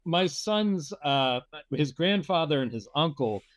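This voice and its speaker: A middle-aged man talking as a guest in a casual chat, halting and hunting for words. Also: on the high side, lively intonation, a bit bright, no room sound.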